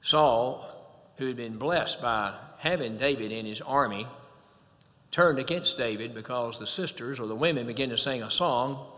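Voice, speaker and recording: A man preaching a sermon in a measured, deliberate way, slowing down to quote scripture. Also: mid-range voice, a bit bright. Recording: long hall reverb.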